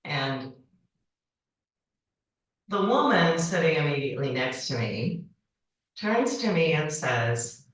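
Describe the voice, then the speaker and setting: A woman in her forties gives a humorous, animated storytelling speech at a banquet, speaking slowly with frequent pauses and acting out her characters in high-pitched voices. The banquet hall is echoey, and her voice sounds far off.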